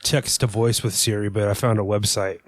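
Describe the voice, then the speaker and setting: A man co-hosting a podcast in casual chat, talking with a deadpan, dry sense of humor. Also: lowish voice, a little fast, no echo. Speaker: podcast co-host.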